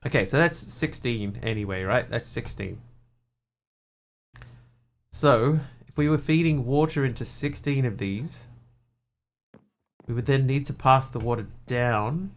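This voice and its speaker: A man's voice: mid-range voice, measured pace, pauses often. A man streaming a game, thinking aloud, counting items under his breath and chatting casually with viewers. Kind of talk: casual chat while playing a game.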